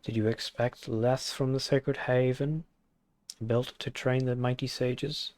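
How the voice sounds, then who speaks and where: A man's voice: mid-range voice, flat delivery, slow pace, a little mellow, lightly acted. A man reading the lines of a solemn older sage mentor in a grave, formal manner.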